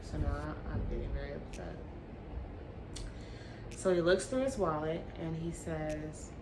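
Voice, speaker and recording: A woman vlogger telling a story to her camera, blunt and animated, with swearing and slang. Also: low voice, unhurried, pauses often, noisy background.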